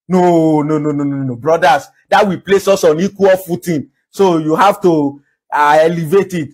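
A man preaching with a high, husky voice. He talks in an earnest, repetitive sermon style full of rhetorical questions. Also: normal speed, darkish tone. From Nigeria. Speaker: pastor.

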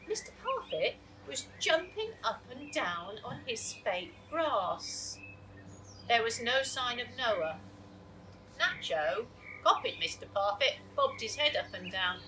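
A woman's voice: a little high, unhurried. Woman reading a storybook, hissy distant mic. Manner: lively, expressive. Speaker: children's author reading aloud. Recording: distant mic with steady hiss.

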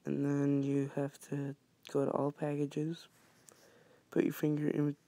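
Man, hushed near-whisper delivery, flat monotone, gravelly fry, casual game tutorial. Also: fairly high pitch, unhurried, no echo. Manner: rambling with frequent restarts. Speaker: mobile game modding tutorial maker.

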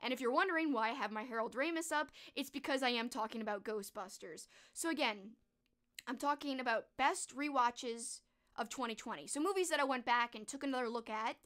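A woman's voice: fairly high pitch, fairly quick, fairly bright tone. Gushing, chatty woman streamer. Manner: chatty, enthusiastic, gushing with restarts. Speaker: streamer and horror book host. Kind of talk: casual live-stream chat.

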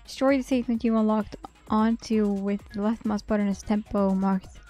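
A young woman streaming a game live, reading game text aloud with excited, swearing, laughing asides. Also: mid-range voice, normal speed, soft background music.

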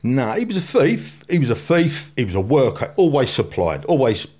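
A man in his forties appears as a guest, telling his life story in a London accent; he's from England and talks bluntly, with slang dropped in. His mid-range voice moves at a moderate pace, and the unpolished telling stays lively.

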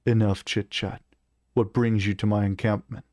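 A man voicing a proud, weary male orc chieftain who speaks slowly and firmly in a fantasy reading. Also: fairly low pitch, level tone, a little mellow, no room sound, clean studio sound, close to an everyday voice. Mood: composed.

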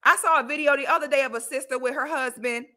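Speaking fast in a slightly high voice, a bright, forceful Florida woman hosts a casual livestream and addresses her viewers directly. She's blunt and animated, breaking into sudden loud whoops.

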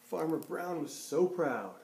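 A man reading a children's picture book aloud, expressive, lifting his voice for the characters and dropping low and soft at the ends of sentences. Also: takes it slowly, gravelly. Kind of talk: storybook read-aloud.

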